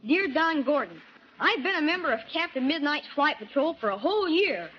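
A woman's voice: sits high, sing-song, fairly quick. An eager young boy. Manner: eager, enthusiastic. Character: eager young boy fan writing a letter. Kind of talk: 1940s radio acting. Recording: dull old radio broadcast, faint hiss.

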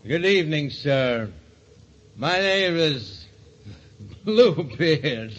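A man's voice: a little high, expressive, extremely slow, fairly bright tone, full character voice. An actor playing a drunken man who poses as a pompous old-time rogue, in theatrical, archaic phrasing, 1940s radio acting style. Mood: mock-gallant.

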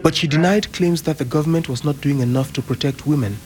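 A man reporter narrating a scripted news report in a measured way. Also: a little high, a crowd in the background.

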